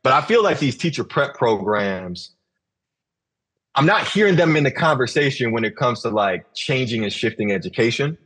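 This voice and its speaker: A man's voice: mid-range voice, animated, moderate pace, fairly bright tone, husky. A man hosting a podcast in casual conversation, speaking reflectively and often restarting and repeating phrases as he thinks. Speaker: podcast host.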